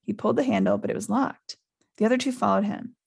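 Woman, podcast host, lively read-aloud, gravelly fry, mid pitch. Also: fast talker. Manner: lively, laughs often. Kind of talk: reading a novel aloud.

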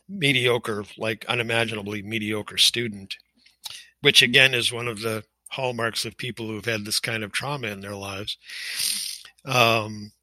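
An older man giving personal testimony as an interview guest, emotional and halting, with frequent pauses and fillers. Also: medium pitch, sharp tone, no room sound, poor audio.

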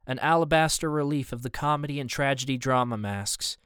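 A man giving first-person scripted audiobook narration in an even, measured way. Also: mid-range voice, clear, resonant tone, no echo, studio quality.

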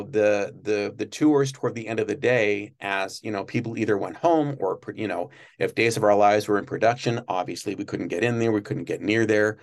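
Rambling man telling studio stories. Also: on the low side. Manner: rambling, many restarts, animated when mimicking others. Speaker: guest recalling work at a TV studio. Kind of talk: casual interview storytelling.

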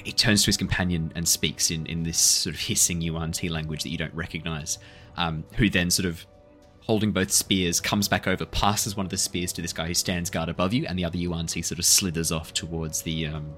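Low-voiced male game master narrating casually. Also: fairly even intonation, brisk, sharp tone, soft background music.

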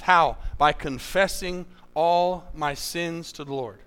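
A man's voice: a little high, normal speed, fairly bright tone, clean tone. A man preaching a sermon as pastor, repeating key lines for emphasis and asking his congregation for amens.

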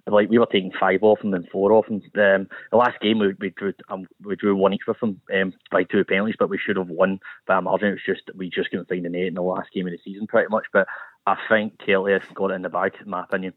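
A Scottish man phoning in to a football radio show, quick and plain-spoken. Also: low voice, little pitch movement, dry recording. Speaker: caller. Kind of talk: phone-in chat. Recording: tinny phone line.

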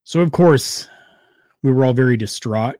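Animated male podcast host, dry close mic. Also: medium pitch, normal speed, no echo. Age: adult, former wrestler. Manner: animated and heartfelt, swings between loud bursts and quiet asides. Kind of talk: casual podcast talk.

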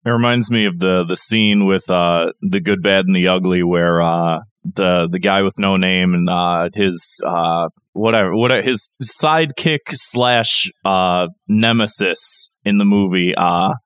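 A man co-hosting a podcast, animated and halting, with many restarts. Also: low-pitched, clean tone, dry recording. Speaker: podcast co-host. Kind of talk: casual podcast chat.

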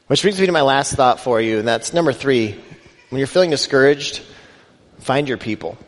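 A man's voice: mid-range voice, expressive, moderate pace. A male pastor giving a conversational sermon, building emphasis and acting out scripture quotes. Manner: conversational preaching, rising emphasis, quoting scripture in voices. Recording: long hall reverb.

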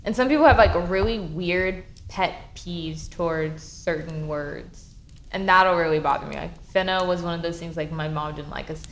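A young woman in casual chat, expressive and swearing freely. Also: lowish voice, moderate pace, a little hiss or hum. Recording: echoey room.

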